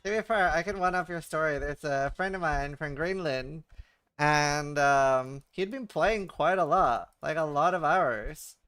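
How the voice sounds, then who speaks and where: Smooth-voiced man streaming a game. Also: a little high, a little slow, fairly bright tone, no room sound, faint music behind. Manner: swears and stammers, mutters to himself. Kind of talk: casual livestream chat while gaming.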